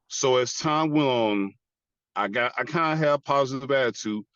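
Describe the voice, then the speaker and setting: A man's voice: medium pitch, moderate pace, fairly bright tone, no echo, lo-fi sound. An American man, an army veteran, giving an earnest personal testimony as an interview guest and repeating phrases for emphasis. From United States.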